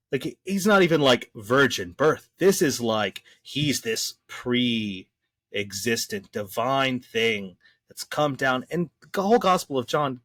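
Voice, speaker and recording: Lively man in a dry podcast studio. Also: mid-range voice, no echo. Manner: lively, explanatory, slangy with frequent restarts. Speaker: podcast co-host discussing the Bible. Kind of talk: casual podcast discussion.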